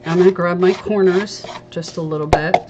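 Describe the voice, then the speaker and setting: A woman's voice: lowish voice, steady tone, brisk. A woman hosting a live crafting stream, chatting casually and explaining each step as she sands a piece. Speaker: craft livestream host. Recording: dull lo-fi livestream audio with faint hiss.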